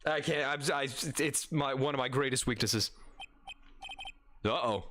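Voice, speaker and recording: Trying a game for the first time, this man hosts a gaming video with casual, goofy commentary, laughing, cursing freely and staying restless. His mid-range voice keeps a measured pace with long pauses, over a noisy background.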